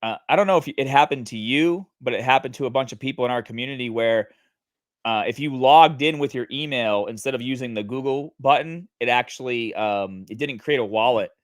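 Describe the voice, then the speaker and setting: A man with a Boston accent, a podcast guest, explaining things in relaxed casual chat. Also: mid-range voice, a little fast, dry recording, studio quality. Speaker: podcast guest, game company founder.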